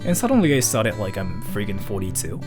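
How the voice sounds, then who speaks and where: A man's voice: lowish voice, big pitch swings, fairly quick, music in the background. A man in his twenties talking casually to camera, rambling and mocking himself. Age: 20s. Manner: rambling, joking, self-mocking. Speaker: vlogger.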